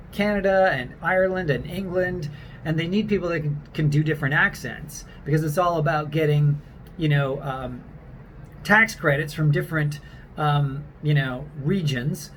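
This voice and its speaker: A man talks through a lesson for actors in a fairly high voice. He rambles a little and fills gaps with ums as he restarts his sentences. A faint hiss sits under his voice. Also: low-quality recording. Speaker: accent coach for actors. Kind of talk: casual spoken video lesson.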